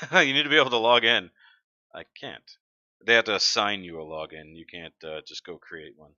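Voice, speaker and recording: A man's voice: fairly low pitch, normal speed, pushed and bright, no room sound. A man hosting a casual live stream, chatting and joking as he reads comments aloud into a desk mic. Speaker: livestream host. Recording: dry, dull lo-fi sound.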